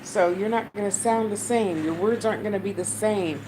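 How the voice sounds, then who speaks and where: A woman's voice: mid-range voice, normal speed. A woman with an American accent giving casual, blunt spiritual advice to her viewers, swearing freely as she talks. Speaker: spiritual channel host. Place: at home, fan running. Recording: noisy fan and traffic behind.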